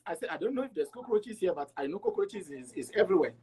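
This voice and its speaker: A middle-aged man from Togo, an interview guest, telling his travel story in an animated way and acting out the dialogue. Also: high-pitched, fast talker, noisy background. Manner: animated, acts out dialogue with repeats.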